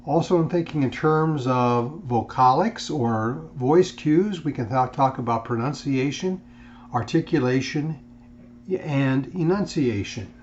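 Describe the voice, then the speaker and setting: A man giving a recorded lecture in a measured way, with frequent fillers and restarts. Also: mid-range voice, darkish tone, highs cut off, slight background noise. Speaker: instructor.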